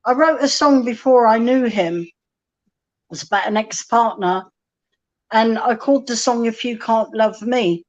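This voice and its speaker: Lady guest rambling through stories, voice a touch high, dull muffled stream sound. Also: unhurried. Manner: chatty storytelling, acts out quoted dialogue. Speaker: guest singer-songwriter. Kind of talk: casual live-stream chat. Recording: dull lo-fi live-stream audio.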